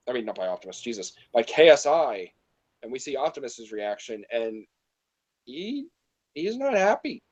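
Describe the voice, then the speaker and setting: A man holds forth in a casual movie review chat, blunt and quick to swear as he mocks characters he can't stand. His voice sits at an ordinary pitch and comes through a dull, lo-fi recording. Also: a little mellow. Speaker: podcast co-host.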